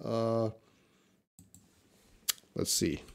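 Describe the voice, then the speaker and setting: A man teaching English live reads his viewers' chat questions aloud and answers in a relaxed style, thinking aloud with lots of fillers. His pitch is fairly low, his pace very slow, and his voice has vocal fry.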